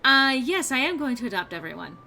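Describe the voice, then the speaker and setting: A woman's voice: high-pitched, big pitch swings, brisk, creaky, bright, forceful tone. A woman streaming a video game, commenting casually with irreverent jokes and casual swearing. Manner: joking, irreverent, swears freely. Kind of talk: casual let's-play commentary.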